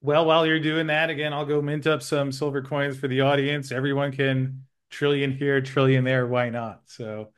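A man hosting a weekly chat over a call, light and joking, quick to giggle at his own asides. He keeps the talk loose and friendly as he steers it toward the wrap-up. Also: medium pitch, little pitch movement, clean tone. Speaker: show host. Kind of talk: casual chat. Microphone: remote call.

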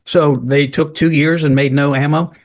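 A man's voice: a little high, steady tone, moderate pace. A man co-hosting a political talk show, agreeing with his partner and giving blunt opinions. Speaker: co-host. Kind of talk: political commentary chat.

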